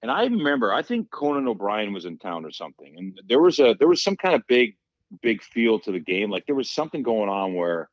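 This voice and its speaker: A former hockey player appears as a podcast guest, telling stories casually and animatedly while acting out the lines of the people in them. His voice is on the low side and brisk, recorded with no echo and the highs cut off.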